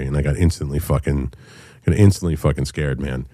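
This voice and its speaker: A man in his thirties telling a personal story in a candid, profane way, halting often with fillers. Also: very deep voice, fairly even intonation, dark tone, no echo, studio quality. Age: 30s.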